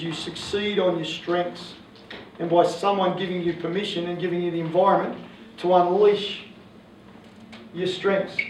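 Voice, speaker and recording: An Australian man in his forties, a coach giving a joking, animated public talk to parents. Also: high voice, a little hiss or hum. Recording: echoey hall from far off, faint ambience.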